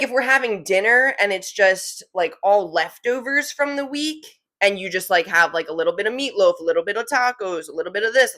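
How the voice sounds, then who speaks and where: A woman's voice: mid-range voice, fairly bright tone. A young woman in her twenties from New Jersey, chatting casually to camera as a vlogger, with many fillers of "like". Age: 20s. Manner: chatty, fillers of "like", laughs easily.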